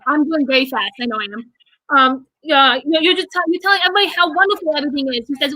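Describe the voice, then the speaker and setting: Young woman, high bright voice, dry close mic; eager, filler-heavy fan chatter. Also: no room sound, low-quality recording. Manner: quick, excited recounting with many fillers. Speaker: guest, theater fan. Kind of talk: casual livestream chat.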